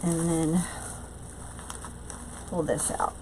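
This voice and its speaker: A woman with a low, mellow, slightly rough voice speaks extremely slowly with little pitch movement, captured in a rough recording. Hosting a live craft tutorial from home, she chats loosely, answers viewer comments aloud, and often drifts into fillers and restarts.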